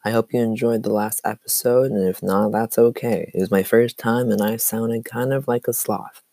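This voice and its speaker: A teenage boy with a cough hosts his own podcast, his voice cracking now and then. He rambles along with plenty of "like" and "um". His tone is low and mellow, recorded dry and close. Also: steady tone, moderate pace, dry recording. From Seattle area. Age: teens. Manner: rambling, full of "like" and "um". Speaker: podcast host. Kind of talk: casual solo podcast chat.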